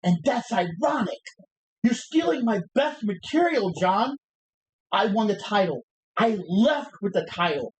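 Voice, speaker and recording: A woman's voice: mid-range voice, sing-song, measured pace, poor audio. A woman doing a cocky male wrestler's taunting promo. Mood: defiant. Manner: taunting, cocky, stumbling over words while reciting. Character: brash male pro wrestler cutting a defiant promo. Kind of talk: re-enacting a wrestling promo on a livestream.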